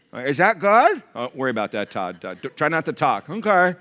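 Man, pastor, sermon, middle-aged, animated storyteller, loud bursts and hushed asides, fairly high voice. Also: brisk, few pauses, slight background noise. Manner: animated storyteller, swings between shouting and hushed tones.

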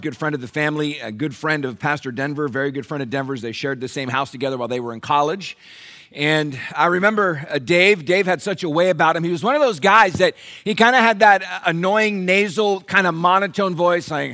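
A pastor preaching a sermon in church, animated, asking the congregation questions. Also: male voice, high voice.

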